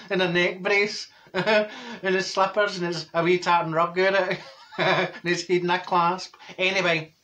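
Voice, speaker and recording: A man's voice: high voice, pushed and bright, heavily acted. A man playing a cheeky, blunt older woman from Glasgow with a Glaswegian accent, rambling through a gossipy comic monologue and laughing at his own jokes.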